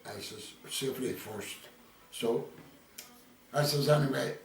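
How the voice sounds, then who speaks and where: A man's voice: mid-range voice, measured pace, pauses often. An older Irish man being interviewed, telling rambling stories full of quoted dialogue. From Ireland. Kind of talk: casual storytelling. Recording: echoey room, distant mic, faint ambience.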